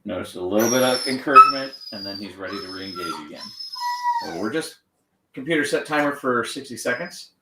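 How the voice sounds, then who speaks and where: Gentle, animated male dog trainer. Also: mid-range voice, brisk, distant mic. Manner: gentle and encouraging, explains step by step. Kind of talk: live training demonstration with explanation. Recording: echoey room, off-mic, faint noise.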